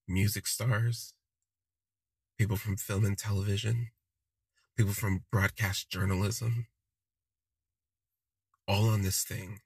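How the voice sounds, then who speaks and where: A man's voice: lowish voice, sharp tone, slightly rough, no echo. A man hosting a podcast, telling a first-person story casually and wryly, with plenty of "like" fillers. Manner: chatty, lots of "like" fillers, wry. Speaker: podcast host.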